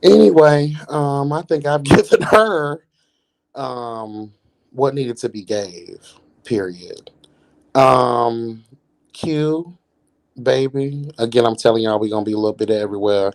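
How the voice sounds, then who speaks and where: A man's voice: medium pitch, slow, a little mellow. A man hosting a live reality TV review, roasting cast members in a sassy, profane way and laughing often. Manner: sassy, profane, calls everyone girl and bitch. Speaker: reality show commentator, host.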